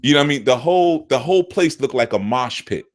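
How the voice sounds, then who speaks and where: A middle-aged man, a spiritual teacher, talking casually and telling stories, often jumping high into quoted voices. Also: fast. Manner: animated, jumps into quoted voices with big pitch swings. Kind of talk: casual storytelling talk.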